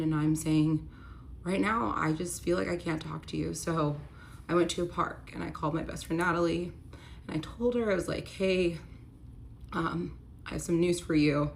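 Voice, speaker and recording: A woman's voice: fairly low pitch, steady tone, moderate pace, vocal fry, long pauses, slight background noise. A young woman in a candid storytime vlog, retelling a painful betrayal with lots of filler words and an emotional, near-tearful delivery. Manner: candid, many "like" fillers, rises to pleading when reliving the argument. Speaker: vlogger telling a personal story.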